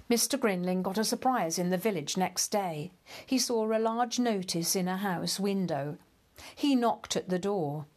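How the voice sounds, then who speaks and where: A woman reads a children's storybook aloud at an unhurried pace, her mid-pitched voice even and measured. She gives each phrase room to land. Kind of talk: storybook read-aloud narration.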